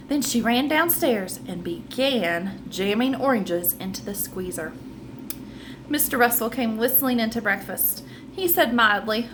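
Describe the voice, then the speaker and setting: A woman's voice: a little high, lively intonation, moderate pace, fairly bright tone, slight background noise. A woman reading a children's book aloud, adding chatty asides between passages. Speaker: storybook reader.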